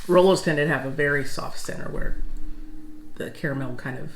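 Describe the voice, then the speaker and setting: A woman from the United States co-hosting a food vlog, chatting in a casual, lively way during a taste test. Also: deep voice, normal speed, a little hiss or hum. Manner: chatty, laughs easily. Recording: echoey room.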